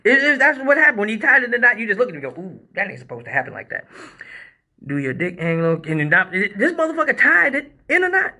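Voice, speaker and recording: A man with a high voice tells a crude story on a live stream. His tone is bright and forceful, and his talk is loose and profane. He acts out the action with sound effects and jumps in pitch. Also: big pitch swings, quick pace. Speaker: male exotic dancer, live-stream host. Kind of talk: comic storytelling, casual chat.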